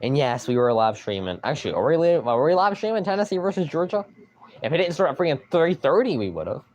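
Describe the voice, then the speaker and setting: A young man streaming live, rambling excitedly and with mild swearing as he reacts to a football game. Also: a little high, fast talker, lo-fi sound.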